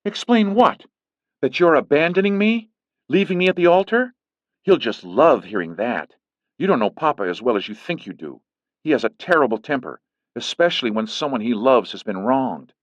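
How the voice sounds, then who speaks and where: Man doing a jealous woman, possessive, menacing, raised pitch, lo-fi sound. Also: lively intonation, normal speed, dry recording, close to an everyday voice. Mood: threatening. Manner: menacing, clingy, accusing. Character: jealous possessive Mafia princess, young woman. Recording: dull lo-fi recording.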